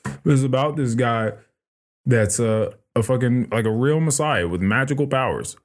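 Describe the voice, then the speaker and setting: A man hosting a podcast, retelling a book in casual, animated chat with plenty of swearing. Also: mid-range voice, normal speed. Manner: animated, profane storytelling. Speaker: podcast host.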